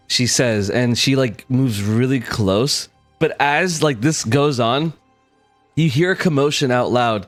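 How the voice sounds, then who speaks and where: A young man runs a tabletop game, narrating in a slow, rambling way full of fillers. His mid-pitched voice sits dry and close to the mic, with faint background music. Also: dry recording. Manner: loose, filler-heavy narration. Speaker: game master.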